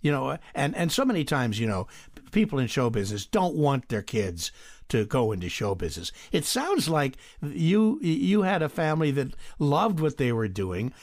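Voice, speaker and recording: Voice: mid-range voice, big pitch swings, moderate pace, a little mellow, no echo, studio quality. A show host asking meandering, hesitant questions with fillers. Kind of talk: interview questions.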